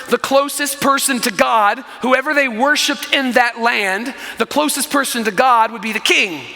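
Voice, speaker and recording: A man preaching a sermon as pastor, telling the story in an animated way with frequent asides to the congregation. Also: sits high, long reverb tail. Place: church sanctuary.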